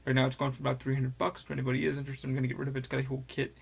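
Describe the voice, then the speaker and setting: A man with a gravelly, fry-tinged voice, hosting his own show. He wanders from point to point in a loose, unscripted monologue and drops casual swear words along the way. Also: mid-range voice, monotone, rapid-fire. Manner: rambling, loose, swears freely. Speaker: podcast host.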